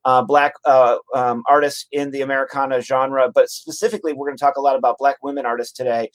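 A man's voice: mid-range voice, fairly even intonation, quick pace. A man hosting an interview, introducing his guest and the topic with hesitant speech full of fillers and restarts. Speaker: podcast host.

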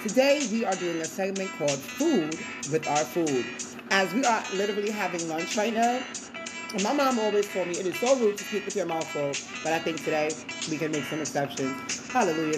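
Low-voiced, lively woman podcast host. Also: a little fast, over music, poor audio. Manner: lively, encouraging, uses Hebrew greetings and praise words. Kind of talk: casual faith podcast chat. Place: at home over lunch.

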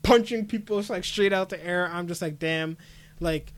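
A man's voice: sits high, normal speed. A young man co-hosting a podcast, casually and animatedly retelling an anime episode and acting out the characters' lines. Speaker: podcast co-host.

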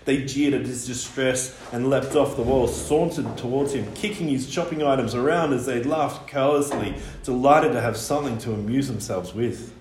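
A man reading a children's story aloud, animated, with wide swings in pitch and loudness. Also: normal speed, few pauses, a little hiss or hum. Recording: echoey room with faint ambience.

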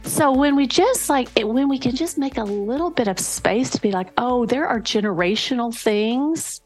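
A woman coach talking in a casual podcast conversation, acting out quoted voices with lively swings. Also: fairly high pitch, moderate pace, faint music behind. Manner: animated, acts out quoted voices. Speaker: podcast guest, relationship coach.

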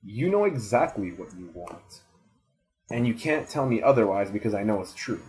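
A man's voice: fairly low pitch, very animated, normal speed, darkish tone, rough recording. A man in his twenties giving a rambling, casual motivational talk to a listener, swearing freely and repeating himself for emphasis. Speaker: student giving advice.

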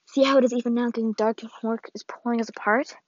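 A woman reading the farewell letter of an old, ailing grandmother in a solemn, measured way, on a dull, lo-fi recording. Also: on the high side, fairly even intonation, darkish tone, no echo, close to an everyday voice. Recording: dull, lo-fi dry read.

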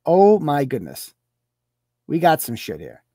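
A man's voice: fairly high pitch, wildly swooping pitch, unhurried, warm tone, no echo, clean studio sound. A man hosting a live show, ranting with profanity and sarcasm and firing off mocking rhetorical questions while reading rules aloud.

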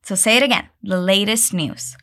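A woman teaching an English pronunciation lesson, drilling phrases for learners to repeat and praising them warmly. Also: normal speed. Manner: encouraging, drills repetition, pitch leaps on praise.

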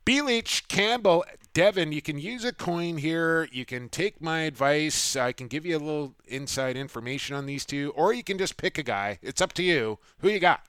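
A man's voice: on the high side, normal speed, few pauses, fairly bright tone, clear, resonant tone, dry recording, studio quality. A middle-aged man hosting a sports podcast, with upbeat, punchy segment intros and casual banter. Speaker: podcast host.

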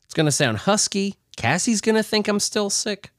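A man's voice: high-pitched, normal speed, no room sound, studio quality. A man hosting a podcast in casual, crude, joking chat, recovering from an illness and prone to coughing fits. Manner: lively, crude, joking, laughs a lot. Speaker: podcast host.

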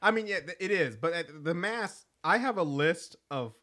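Podcast co-host: man, bright and a touch high, rambling through a movie recap. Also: lively intonation, normal speed. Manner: rambling, laughs often, quotes film lines. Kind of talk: casual chat reviewing a movie.

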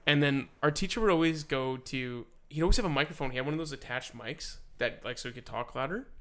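A man's voice: mid-range voice, fast talker. A young man co-hosting a podcast, casually telling school stories, acting out voices and laughing often. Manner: animated storyteller, acts out quoted voices, laughs often. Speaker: podcast co-host. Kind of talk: casual chat.

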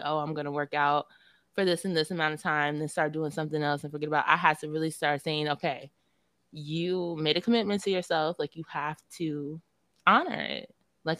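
A woman podcast co-host with a Southern US accent, telling stories in casual chat, animated and swearing freely. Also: deep voice, dry recording.

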